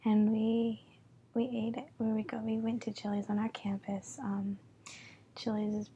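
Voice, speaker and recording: A young woman in her early twenties talks in a hushed whisper for a whispered role-play, slightly tipsy and drifting. Her voice sits a touch high but barely rises or falls, with a dark, mellow tone. Faint ambient noise hums under her. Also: little pitch movement, measured pace, muffled recording. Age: 20s. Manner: soft rambling whisper with giggles.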